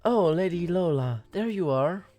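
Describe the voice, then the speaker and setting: A man's voice: high voice, lively intonation, measured pace, mellow. A man reading the lines of a deferential young handmaid in a story game. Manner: deferential and eager to help. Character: polite young female handmaid.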